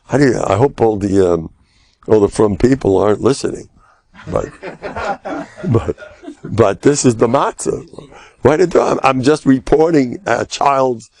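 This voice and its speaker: An older rabbi teaches in a gravelly voice that swings widely up and down. He jokes at his own expense and breaks into loud bursts for emphasis. The sound is close and dry, with no room around it. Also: mid-range voice, dry recording. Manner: joking, self-deprecating, with sudden loud emphatic outbursts. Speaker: rabbi giving a lecture. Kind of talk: humorous Torah lecture.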